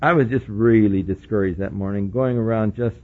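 A man preaching a sermon, telling a personal story and acting out the dialogue, dropping to quiet murmurs and rising to excited bursts. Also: lowish voice, brisk, phone-quality sound. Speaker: pastor.

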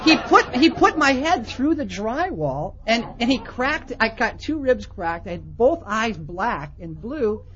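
A high-voiced man preaching to a conference, telling his story with lively swings from hushed to loud. The recording is a bit muffled, with faint audience laughter and some room noise behind him. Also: unhurried, hardly any pauses, some chatter behind. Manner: animated storytelling with big swings in loudness. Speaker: pastor.

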